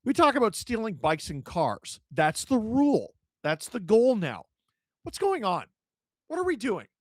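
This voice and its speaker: A man, hosting a live hockey watch-along, calling the play and reading chat with jokes and shouts at big moments. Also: sits high, unhurried, no room sound, clean studio sound. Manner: excitable, shouts at big plays, jokey.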